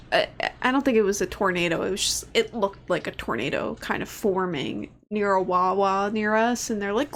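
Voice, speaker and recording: A woman's voice: medium pitch, moderate pace. A young adult woman streamer chatting casually while playing a game, laughing easily and swearing. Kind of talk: casual gameplay chat.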